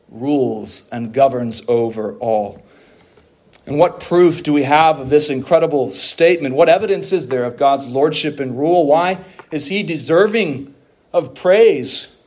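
A pastor preaching a sermon, in a measured, emphatic way with slow, stressed phrases. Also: male voice, on the high side, darkish tone.

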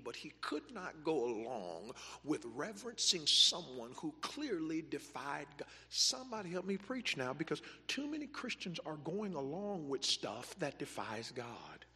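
A man's voice: on the high side, pushed and bright, big-room sound. A man preaching a sermon as pastor, driving points home through emphatic repetition.

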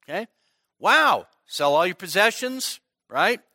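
Slow, bright-voiced male pastor preaching. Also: high voice, very animated, dry recording, studio quality. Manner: conversational, checks in with the congregation. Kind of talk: expository sermon. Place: church midweek service.

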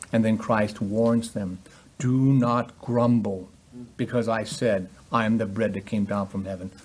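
A man preaching a sermon, emphatic and full of rhetorical questions, acting out the voices in the passages he quotes. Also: medium pitch.

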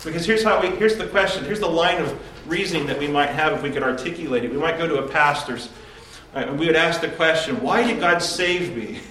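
A man's voice: on the high side, fairly quick, bright, forceful tone, slight background noise. A man preaching a devotional sermon, earnest and emphatic, asking and answering rhetorical questions. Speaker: pastor. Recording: echoey room from far off.

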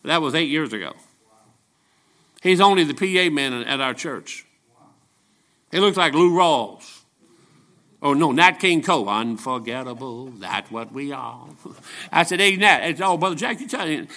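Bright-voiced seventy-year-old male preacher. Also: on the high side, lively intonation, moderate pace, pauses often. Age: 70s. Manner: folksy, joking, emphatic preaching. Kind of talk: storytelling sermon.

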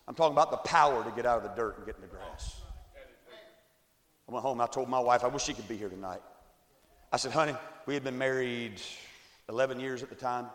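Recorded in the echoey hall of a church sanctuary, this evangelist in his forties preaches a testimony sermon. His mid-range voice swings from hushed narration up to shouted peaks.

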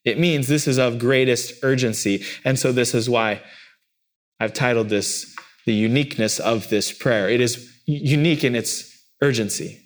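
A man preaching a sermon, animated and acting out cries with sudden leaps in pitch. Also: moderate pace. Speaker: pastor.

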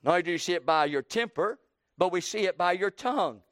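A man preaching a sermon, building to loud emphatic runs and dropping low, with folksy plain phrasing. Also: lively intonation, fast, dry recording, studio quality. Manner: preaching with swelling emphasis and sudden drops.

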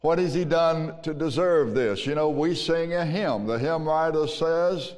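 A Southern American man preaching from the pulpit in a slow, deliberate cadence, his voice sitting a little high. His words ring out with the long reverb of a big church sanctuary. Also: a little mellow. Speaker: pastor. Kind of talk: sermon. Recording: long reverb of a large hall.

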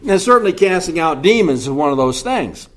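A man preaching an earnest expository sermon, slow and deliberate. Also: on the high side, big pitch swings, a bit bright.

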